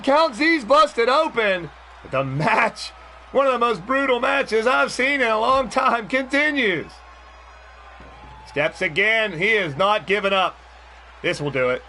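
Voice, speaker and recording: A man doing excited play-by-play commentary and ring announcing for a video game wrestling show, swearing and joking as he calls the action. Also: high voice, a little slow, slight background noise. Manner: shouting, swearing and laughing at brutal spots.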